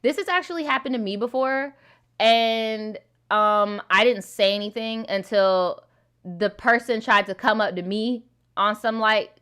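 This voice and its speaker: A woman with a somewhat high, bright, clear and resonant voice speaks a little slowly. She hosts a livestream, reading viewer stories and comments and talking straight to the chat. She's blunt and casual, swearing and laughing often.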